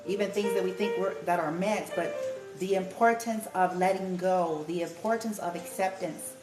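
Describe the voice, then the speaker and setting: A woman's voice: fairly low pitch, moderate pace. A woman giving a casual, chatty spiritual tarot reading, laughing often and swearing casually. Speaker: tarot card reader. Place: room at home with music playing. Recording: echoey room with music playing.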